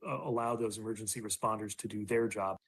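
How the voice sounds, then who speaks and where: A government official speaking at a press briefing, measured and halting, pausing with fillers. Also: male voice, fairly low pitch, flat delivery.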